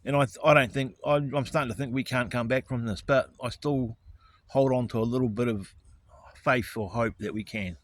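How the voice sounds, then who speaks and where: A man's voice: medium pitch, steady tone, moderate pace. Profane, ranting man. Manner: angry, profane, righteous indignation. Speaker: vlogger. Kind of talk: ranting monologue to camera.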